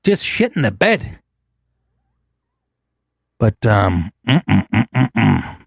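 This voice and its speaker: A man's voice: on the low side, big pitch swings, very slow, creaky, breathy edge, no echo, studio quality. A man hosting a talk show, telling stories in a casual, sarcastic and profane way and putting on voices when he quotes people. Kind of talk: casual comedic monologue.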